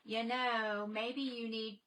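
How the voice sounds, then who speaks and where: A woman's voice: on the high side, flat delivery, slow, fairly bright tone, distant mic, slight background noise, low-quality recording. A woman painting on a live stream, chatting casually with viewers and laughing often.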